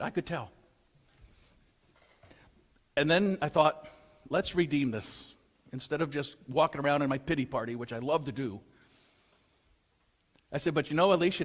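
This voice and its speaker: A man preaching a sermon and telling a story. His voice swings between loud, urgent pleas and hushed, quiet lines. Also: a little high. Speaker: pastor. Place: church sanctuary. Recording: long church hall reverb.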